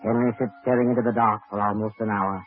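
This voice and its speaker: A man's voice: lowish voice, steady tone, fast, narrow, tinny audio, close to an everyday voice. A man playing an ominous, all-knowing narrator in 1940s radio narration on an old broadcast. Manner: sinister, knowing.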